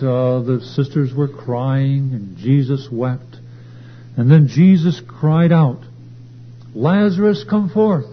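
A man preaching a sermon at a church service, swelling louder and higher as he drives his points home. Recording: dull lo-fi recording with faint hum.

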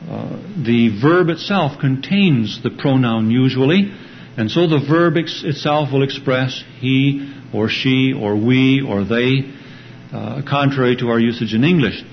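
A man's voice: medium pitch, unhurried. A man teaching a verse-by-verse Bible study lecture, explaining carefully and stressing key words. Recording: dull lo-fi recording with faint hum.

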